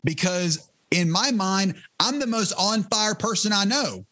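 A man's voice: sits high, expressive, measured pace, pushed and bright. A middle-aged man giving an earnest, fervent testimony in an interview, often restarting his sentences. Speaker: interview guest, ministry leader. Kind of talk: testimony in conversation.

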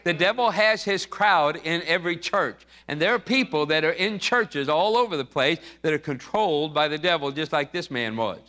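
Male pastor, emphatic repetitive sermon, bright voice, slightly high. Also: moderate pace, few pauses. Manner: emphatic and repetitive, acting out Bible figures. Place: church.

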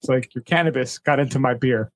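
A man's voice: mid-range voice, a little fast. A man co-hosting a podcast in casual chat, joking and riffing on bits. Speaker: podcast co-host.

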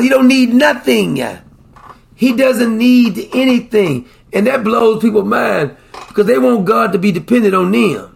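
A male preacher with a high voice that carries heavy gravel and a husky rasp. He swings between quick, down-to-earth asides and slow, drawn-out declarations. His sermon is fervent and scolding.

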